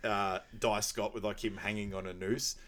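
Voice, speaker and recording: A man's voice: level tone, normal speed, a bit bright. A man casually recapping a movie on a podcast, laughing often and acting out lines. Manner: laughs often, acts out movie quotes in high voices. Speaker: podcast co-host.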